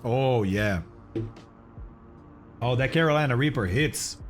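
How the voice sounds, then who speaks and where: A man live-streaming a flight simulator, chatting casually with viewers and explaining instrument approaches while eating, often clearing his throat. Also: mid-range voice, lively intonation, takes it slowly, soft background music. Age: adult, has kids.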